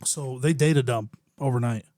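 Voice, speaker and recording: Easygoing man in relaxed podcast chat. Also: mid-range voice, moderate pace, no echo, studio quality. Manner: easygoing, agreeable, trails off with "you know". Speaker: podcast co-host. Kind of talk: casual chat.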